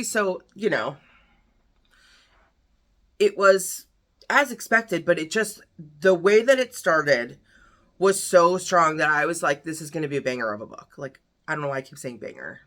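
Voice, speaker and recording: A woman chatting through a book review vlog in a loose, rambling way, full of fillers and asides. Her voice is bright and forward, and she keeps it lively and expressive. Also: lowish voice, moderate pace. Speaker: book vlogger. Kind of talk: casual book review chat.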